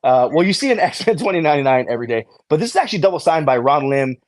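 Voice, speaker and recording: A man co-hosting a live comic book claim sale, laughing often and swearing casually as he pitches books. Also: very animated, rapid-fire, no room sound. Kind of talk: casual live-stream banter and sales.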